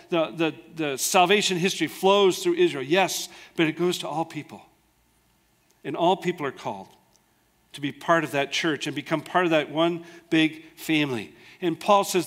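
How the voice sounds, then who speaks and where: A man's voice: on the high side, a bit bright. A male pastor preaching a sermon in an earnest, conversational way, often asking the congregation rhetorical questions. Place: church.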